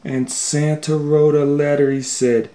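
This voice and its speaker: A man hosting a children's storytime and reading a picture book aloud in an expressive way, swinging from loud scolding calls to hushed asides. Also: fairly high pitch, unhurried.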